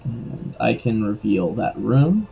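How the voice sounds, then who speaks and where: A man running a tabletop game as game master, describing scenes in a relaxed way with fillers. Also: on the low side, slow, gravelly, dull audio, soft background music.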